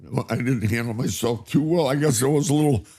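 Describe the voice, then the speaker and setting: A man's voice: mid-range voice, fairly quick, dark tone, breathy edge. An older man, a guest in a casual chat, telling stories animatedly and laughing often. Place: cannabis company campus studio.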